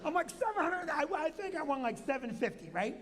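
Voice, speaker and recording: Animated New Jersey male host, storyteller who acts out quotes; reverberant hall. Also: quick pace, some chatter behind. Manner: animated, acts out quotes with big pitch jumps. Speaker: comedian and show host. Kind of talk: storytelling on a live show.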